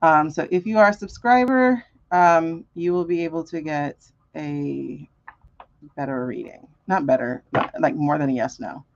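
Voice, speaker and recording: A woman hosting a live tarot reading stream, chatting casually with viewers, animated and laughing often. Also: deep voice, measured pace, lo-fi sound. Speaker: tarot reader and stream host.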